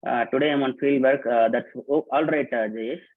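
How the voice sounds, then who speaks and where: Steady in tone and mid-range in pitch, a man speaks at normal speed while greeting attendees of a live online workshop. He hosts casually and repeats himself, calling out names and instructions, with the video call giving a thin, phone-line sound.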